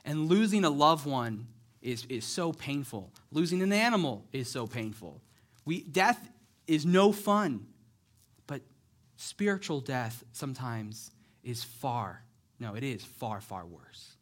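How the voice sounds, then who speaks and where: A man preaching a sermon, retelling a Bible story in a lively, conversational way and acting out the characters' lines. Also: medium pitch, takes it slowly. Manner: conversational, checks in with "right?".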